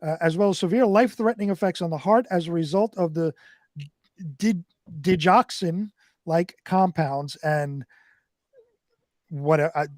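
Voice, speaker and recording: High-voiced male co-host stumbling through news. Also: darkish tone, no echo, clean studio sound. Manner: halting, stumbling over hard words. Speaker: radio co-host reading news. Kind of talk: reading weird news stories on talk radio.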